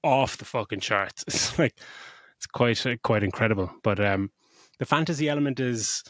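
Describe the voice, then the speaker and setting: A man's voice: mid-range voice, normal speed, no echo, studio quality. Effusive, swearing man. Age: middle-aged. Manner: effusive, swears freely, animated retelling. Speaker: podcast co-host. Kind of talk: casual movie review chat.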